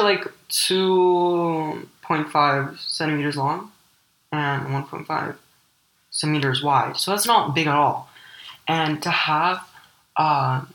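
A teenage girl from Ukraine with a deep voice, hosting a personal podcast and telling her story in a candid, rambling way full of "like" fillers. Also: a bit bright, reverberant, poor audio. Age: teens. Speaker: podcast host.

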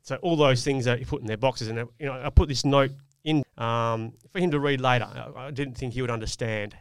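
A man's voice: mid-range voice, steady tone, a little fast, clean tone, no echo, studio quality. A man, telling a personal parenting story in an earnest, reflective way on a casual podcast. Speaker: podcast co-host. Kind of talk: casual chat.

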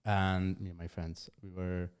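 Man, podcast host, low mellow voice, smooth, hesitant, lots of ums, laughs easily. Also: little pitch movement. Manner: hesitant, laughs often, halting. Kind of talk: casual chat.

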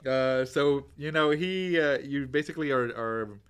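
Relaxed jokey man co-hosting a podcast. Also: medium pitch, unhurried, clean tone. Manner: relaxed, jokey, uses many fillers. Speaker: podcast co-host. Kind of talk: casual podcast chat.

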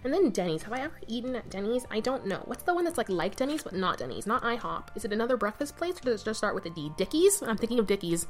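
Sitting on her bed at home with the mic balanced on her knee, a young woman hosts her own podcast alone, rambling in a scattered way full of fillers and self-corrections. Her fairly high, sing-song voice moves quickly with hardly any pauses over soft background music.

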